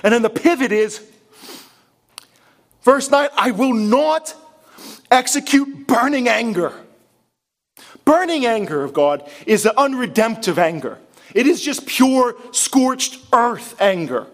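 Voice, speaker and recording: A male pastor with a very high-pitched voice preaches to a congregation. He delivers his sermon with passion and keeps asking rhetorical questions. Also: sing-song, slow, pauses often.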